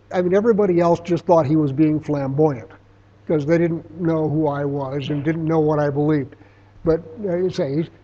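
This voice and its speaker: Husky, mellow-voiced man teaching scripture. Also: fairly high pitch. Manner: storytelling, then reading scripture aloud with emphasis. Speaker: Bible teacher. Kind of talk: conversational Bible teaching. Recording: dull, lo-fi sound.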